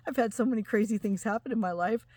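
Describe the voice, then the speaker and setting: A woman in her forties from Utah, telling an emotional personal testimony to camera in an earnest, halting way. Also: on the high side, a little mellow, no echo. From Utah, USA. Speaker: spiritual vlogger.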